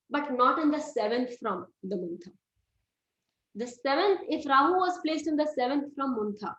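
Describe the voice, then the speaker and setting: A woman's voice: high-pitched, fairly bright tone. Woman teaching in an echoey room. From India. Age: middle-aged. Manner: explains step by step, quizzes her students. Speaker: astrology teacher. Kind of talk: classroom lecture. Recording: roomy, slightly dull recording.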